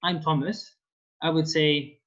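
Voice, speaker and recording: French-accented male tutor, unhurried, dull call audio. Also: on the high side, steady tone, a bit bright. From France. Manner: patient, slow explanations with many fillers. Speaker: language teacher. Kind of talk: online language lesson.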